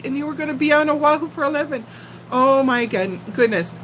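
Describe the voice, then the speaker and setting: A woman's voice: sits high, lively intonation, a little fast, fairly bright tone, slight background noise, low-quality recording. An older woman from Texas with a faint Texan accent, chatting casually and giggling with viewers on a livestream. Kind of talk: casual live chat.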